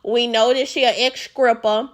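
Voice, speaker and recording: A woman's voice: a little high, steady tone, moderate pace. A woman giving sassy, outspoken, profane commentary as she recaps a reality show.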